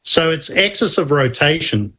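A husky-voiced man co-hosts a casual science talk. He explains things at length, often restarting his sentences and adding little asides. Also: on the high side, sing-song, normal speed, sharp tone. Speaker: podcast co-host explaining astronomy.

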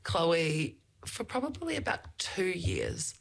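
A woman's voice: lowish voice, wildly swooping pitch, slow pace, gravelly. A middle-aged woman with a New Zealand accent, a politician talking earnestly as a guest in a casual interview, with many fillers.

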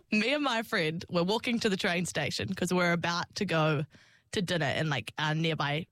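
The guest, a young woman known for singing and acting, keeps laughing as she recounts stories and reenacts her earlier lines. Her fairly bright, lowish voice moves at a normal pace, recorded with no room sound.

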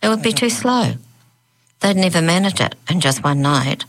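A woman's voice: lowish voice, animated, moderate pace, voice pushed up. Woman doing a gloomy, weary ex-Santa. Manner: lackadaisical, sighing.

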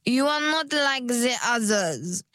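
Woman doing a grand, slow-talking mermaid stylist. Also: on the high side, expressive, fairly bright tone, no room sound, voice pushed up. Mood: gushing. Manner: slow, drawn-out, grandly persuasive sales talk. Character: pushy theatrical mermaid hair stylist, female, middle-aged. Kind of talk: storybook character voice.

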